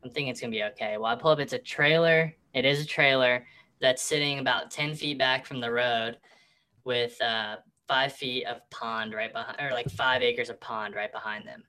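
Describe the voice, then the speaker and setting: Anonymous male agent, distorted voice, bright and sharp, rambling casual storyteller. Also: medium pitch, steady tone. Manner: rambling, halting with fillers. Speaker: real estate agent.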